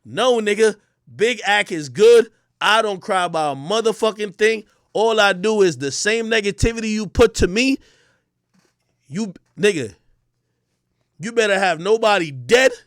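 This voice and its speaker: A young man from Jamaica ranting on a livestream, loud, profane and boastful. He swings between shouting and muttering. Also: high voice, lively intonation, measured pace, no echo, studio quality. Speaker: livestream host.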